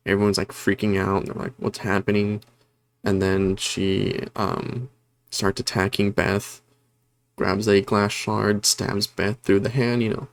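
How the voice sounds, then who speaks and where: In a gravelly, fairly low voice, a man talks through a horror film's plot for his channel's casual review. His recap wanders, packed with fillers and corrections, and he keeps apologizing for how scattered it is.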